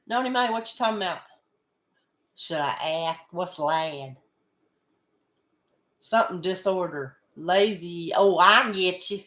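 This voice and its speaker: Congested woman, unhurried. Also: fairly low pitch, a bit bright, roomy sound. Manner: greets chatters by name, chuckles often. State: congested with a head cold. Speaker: livestream host. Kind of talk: casual livestream chat.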